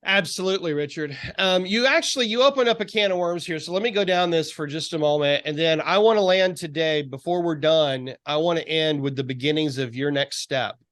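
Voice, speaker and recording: A man's voice: a little high, a little fast, few pauses, fairly bright tone, no echo. A man coaching on a video call, encouraging and preacherly, often asking rhetorical questions. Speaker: life coach. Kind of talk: faith-based coaching call.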